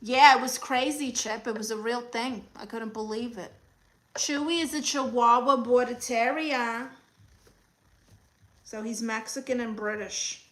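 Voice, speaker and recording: Slow-talking sassy woman, bright voice. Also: on the high side, fairly even intonation, rough recording. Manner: sassy, playful, teasing; coos baby talk at her dog. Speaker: comedian hosting a live chat as an advice-giving aunt. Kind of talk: casual livestream banter, reading chat comments.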